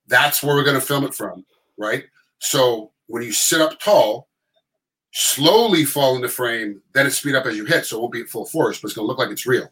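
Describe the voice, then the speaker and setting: A middle-aged man telling stories in casual chat, animated and acting out quotes in other voices. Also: medium pitch, moderate pace, poor audio.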